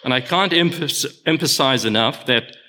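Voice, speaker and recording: A man's voice: mid-range voice, sharp tone. An older man preaching a sermon, telling stories unhurriedly and stressing points through repetition. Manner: unhurried storytelling with emphatic repetition. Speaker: pastor.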